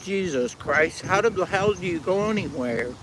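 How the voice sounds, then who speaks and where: A woman's voice: lowish voice, lively intonation, unhurried, background noise. An older woman hosting a live stream, chatting casually with viewers in a blunt, folksy way while she eats.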